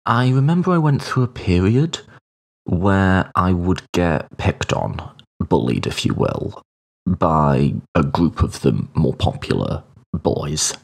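A man's voice: low voice, sing-song, takes it slowly, vocal fry, a little mellow. A man in his thirties, hosting a solo podcast and telling a personal story in a reflective way, with hesitations. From United Kingdom. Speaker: podcast host.

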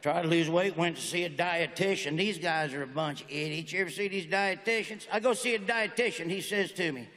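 A man's voice: on the high side, brisk, few pauses, a bit bright. A man in his forties doing a stand-up comedy routine with folksy, punchy joke delivery in a large auditorium. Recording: echoey hall with faint noise.

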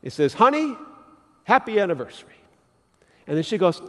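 A man's voice: high-pitched, big pitch swings, normal speed, pauses often. A man preaching a sermon as pastor, telling everyday stories and acting out little scenes as he makes his point. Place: church sanctuary. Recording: long church reverb.

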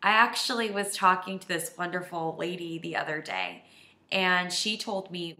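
A woman's voice: lowish voice, lively intonation, normal speed, bright, forceful tone, reverberant. A woman life coach giving an earnest, heartfelt and emotional confessional self-help vlog.

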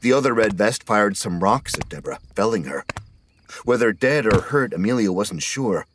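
A man narrating an audiobook horror story in a steady scripted reading. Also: on the low side, normal speed, background noise.

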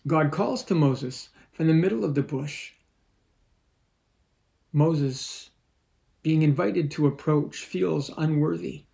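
Male pastor preaching a sermon: gravelly, warm tone, slightly high-set voice, measured and earnest. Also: poor audio. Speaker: lead pastor. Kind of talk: sermon with scripture reading. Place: church.

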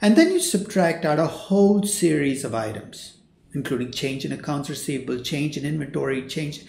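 A man's voice: a little high, very animated, fairly quick, vocal fry, darkish tone. An older man who is a finance professor, giving a recorded lecture in a conversational teaching manner. He voices the students' questions himself and repeats his key points. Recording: roomy echo.

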